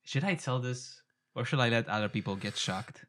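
Bright-voiced joking man. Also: mid-range voice, moderate pace. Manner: joking, storytelling, laughs often. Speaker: podcast co-host. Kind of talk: casual chat.

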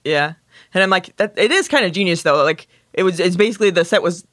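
A man's voice: sits high, expressive, quick pace, a bit bright, no echo, studio quality. A man co-hosting a podcast, chatting casually about movies in a laid-back way. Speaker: podcast co-host.

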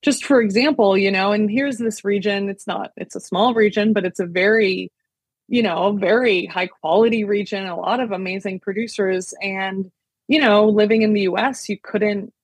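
American woman guest, 30s, husky edge, dry close mic, rambling friendly chat. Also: mid-range voice, moderate pace, no echo. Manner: chatty, many fillers and restarts, laughs often. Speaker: sommelier and wine importer, guest. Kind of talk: casual podcast interview.

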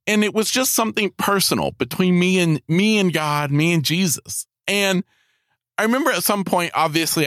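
A man hosting a podcast, telling a heartfelt personal faith testimony in a halting way, often repeating his words. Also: on the high side, a bit bright, dry recording, clean studio sound. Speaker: podcast host.

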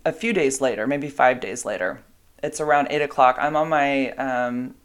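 Here a middle-aged woman with a bass voice talks at a moderate pace, rambling through a lengthy personal tale. She chats along with plenty of fillers and keeps breaking off to speak to her dogs.

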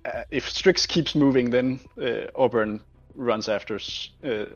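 A man's voice: medium pitch, measured pace, dry recording, highs cut off. A man playing a tabletop game, hesitant and stammering. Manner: hesitant, stammering, bursts into loud in-character yells. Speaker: player. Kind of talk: casual tabletop play.

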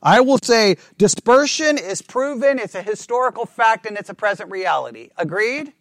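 A high-pitched man leads a Bible class. He thinks out loud, restarts his sentences, and keeps asking the room whether they agree. The sound is dry and close, with almost no room echo. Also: expressive, normal speed. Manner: checks in with listeners often, asking for agreement; talks through ideas out loud with restarts. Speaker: Bible study teacher.

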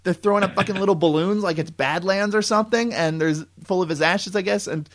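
A man co-hosting a casual movie chat, retelling the plot in an animated way with lots of fillers. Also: sits high, brisk. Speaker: podcast co-host.

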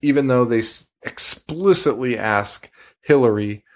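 A man's voice: medium pitch, lively intonation, unhurried. Laughing, foul-mouthed man recapping a movie. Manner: profane, laughs often, acts out lines from the movie. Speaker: podcast co-host. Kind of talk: casual chat recapping a horror movie.

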